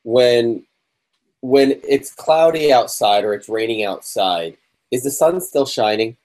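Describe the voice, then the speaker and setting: Man, mid pitch, co-host, friendly, asks questions, video call. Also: animated, slow, a little mellow. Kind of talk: casual discussion.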